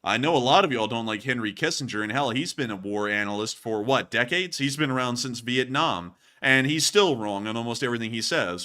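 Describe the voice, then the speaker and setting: A man's voice: mid-range voice, sharp tone. A man hosting a casual war news commentary, talking straight to his viewers in an informal, joking way. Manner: chatty, joking, laughs at the footage; addresses viewers directly and informally.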